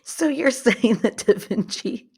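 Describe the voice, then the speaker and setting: A woman's voice: fairly high pitch, animated, a little slow, darkish tone, husky. A woman co-hosting a podcast, chatting playfully and joking with her sister. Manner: playful, jokey banter. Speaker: podcast co-host. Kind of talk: casual chat.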